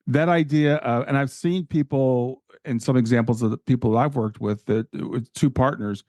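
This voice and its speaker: A man's voice: mid-range voice, normal speed, a little mellow, no room sound, studio quality. A man hosting a podcast interview, speaking earnestly and often restarting his sentences. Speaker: podcast host.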